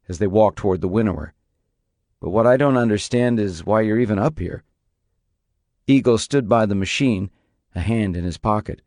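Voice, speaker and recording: Low-voiced man narrating an audiobook. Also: darkish tone, no room sound, studio quality.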